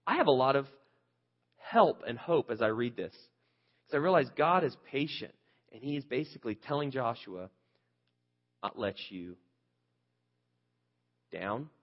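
A man's voice: mid-range voice, expressive, normal speed, lo-fi sound. A male pastor preaching a conversational sermon, earnest and candid, asking the listeners rhetorical questions.

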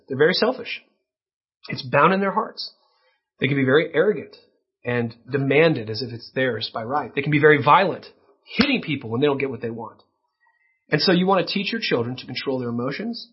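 A middle-aged man preaching a sermon on raising children, earnest and teaching, now and then acting out small role-plays with gentle quoted lines. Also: fairly high pitch, breathy edge, highs cut off. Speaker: pastor. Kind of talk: sermon on parenting.

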